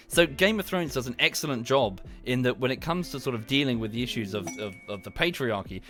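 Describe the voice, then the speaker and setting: A man talks into a desk mic at home during a livestream, with faint music playing behind him. He rambles at a mid pitch, swears freely, and keeps trailing off and restarting his sentences. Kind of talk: casual livestream rant. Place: home streaming setup.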